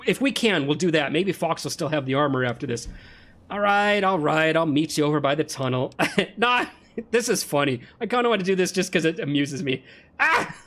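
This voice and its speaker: An animated game streamer talks casually to viewers while playing. The delivery is ranting and chatty, broken up by frequent laughs. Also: medium pitch, a little fast, slight background noise.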